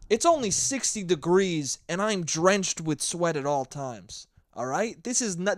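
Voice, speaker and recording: A man's voice: high-pitched, dry recording. A hungover young man hosting a solo podcast, rambling and swearing freely, scatterbrained. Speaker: podcast host. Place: New York.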